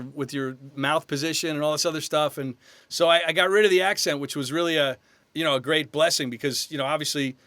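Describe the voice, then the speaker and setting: A man in his fifties from New York, an actor guest telling animated stories in a casual podcast interview. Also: fairly high pitch, no echo. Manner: animated anecdotes, slips into quoted voices.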